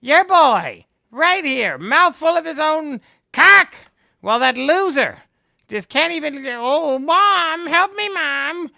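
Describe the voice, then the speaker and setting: A man voicing a crude, boastful male skeletal villain sorcerer in a vulgar trash-talking rant, with a shrill gravelly cackle. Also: lively intonation, slow, sharp tone, no room sound, studio quality, exaggerated voice. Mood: gloating, vulgar.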